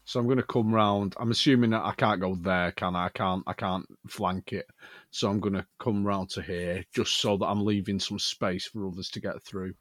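Man, low voice, dry sound, tabletop player, easygoing. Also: fairly even intonation, normal speed, a bit bright, no echo. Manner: easygoing, thinks aloud about his moves. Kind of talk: casual tabletop game play.

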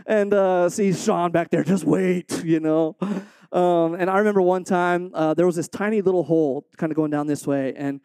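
Man, high-pitched, preaching, earnest, animated storyteller, dry sound. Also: moderate pace, clear, resonant tone, dry recording. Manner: earnest, animated storyteller who acts out quotes. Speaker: missionary speaking to a supporting church. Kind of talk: sermon with a personal story.

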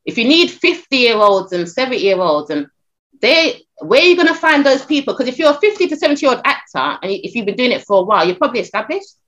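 Animated woman telling stories on a podcast. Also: fairly high pitch, fast talker, highs cut off. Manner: animated, storytelling, many restarts and fillers. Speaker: talent agent and podcast guest. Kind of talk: casual podcast chat.

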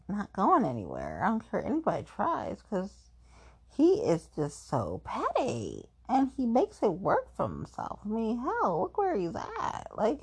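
Speaking in a mid-range voice that's a little mellow with a breathy edge, a woman chats casually. Her talk rambles and is full of "like," and she playfully teases herself about being petty.

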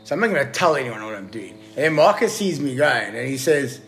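A man's voice: medium pitch, quick pace, few pauses, faint music behind. A man telling a story casually to a podcast host, swearing freely and calling him bro. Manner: profane, excitable storyteller addressing the listener as bro. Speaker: podcast guest.

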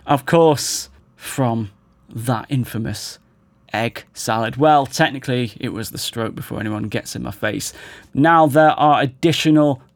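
A man hosting a podcast who is losing his voice, giving wry, animated analytical commentary. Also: mid-range voice, unhurried, no room sound. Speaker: podcast host.

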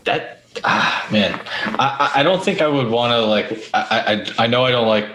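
Blunt, swearing podcast co-host. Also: male voice, medium pitch, normal speed, pushed and bright. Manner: blunt, profane, rambling. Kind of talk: casual chat. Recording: roomy echo.

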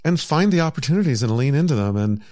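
Upbeat podcast guy, normal pitch, casual chat, punchy when he makes a point. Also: animated, quick pace, a little mellow. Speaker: podcast co-host.

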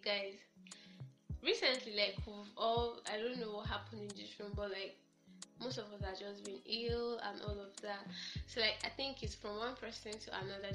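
A young woman with a Nigerian accent, a podcast guest telling stories in an animated, laughing way. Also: medium pitch. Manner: animated storytelling, laughs often. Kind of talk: casual podcast chat. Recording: echoey room with faint music.

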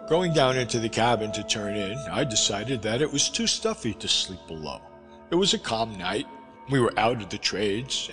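A man narrating a classic sea novel aloud in an expressive storytelling manner. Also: mid-range voice. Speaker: audiobook narrator. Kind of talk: scripted narration. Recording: reverberant with music behind.

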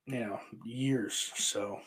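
A man from Western New York streams and chats loosely with his viewers at a medium pitch. He rambles from one topic to the next, swears constantly and keeps breaking off mid-sentence to restart. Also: fairly even intonation, very slow, fairly bright tone, breathy edge. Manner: rambling, profane, self-interrupting. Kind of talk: casual chat answering viewer questions.

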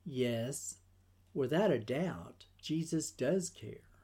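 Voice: mid-range voice, darkish tone. Earnest Bible study teacher reading a lesson. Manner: earnest, emphatic, reads with occasional restarts. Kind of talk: scripted devotional teaching.

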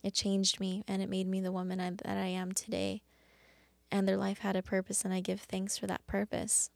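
A woman hosting a faith devotional talk, speaking earnestly and haltingly with many restarts. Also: medium pitch, vocal fry, no room sound. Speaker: podcast host.

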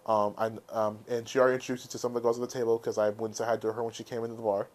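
A man co-hosting a podcast, telling stories in a casual, animated way and swearing freely. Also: medium pitch, very fast. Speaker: podcast co-host. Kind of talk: casual chat.

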